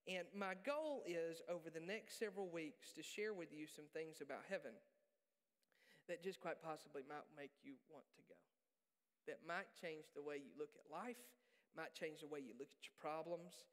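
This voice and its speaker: A male pastor preaching a sermon in a church, joking and animated, poking fun at himself. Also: on the high side, moderate pace. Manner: joking, animated, self-deprecating. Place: church sanctuary. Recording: reverberant church hall.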